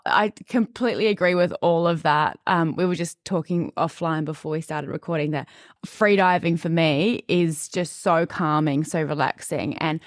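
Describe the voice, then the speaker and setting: Woman podcast host, encouraging, lowish voice, dry close sound. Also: normal speed, no room sound. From New Zealand and Australia. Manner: warm, encouraging, asks long questions. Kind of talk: conversational interview.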